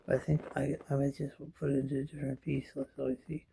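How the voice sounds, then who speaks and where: A middle-aged man with missing teeth, filming a chatty home vlog from a kitchen chair, rambles fast to the camera in front of him. His medium-pitched voice is gravelly and warm with little pitch movement, and he drifts into asides, often mumbling. Slight background noise can be heard.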